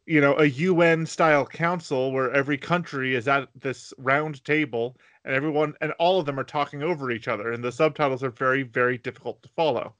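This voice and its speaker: A man's voice: mid-range voice, steady tone, a little fast, few pauses, a bit bright, dry recording. A man co-hosting a podcast, explaining at length in casual chat and acting out quoted lines. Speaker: podcast co-host.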